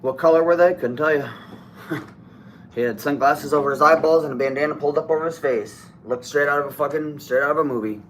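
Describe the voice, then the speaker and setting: A young man from Ohio, co-hosting a podcast, telling a story in a casual, animated, profane way. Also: on the high side, fairly quick, slight background noise. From Toledo, Ohio. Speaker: podcast co-host. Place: podcast studio.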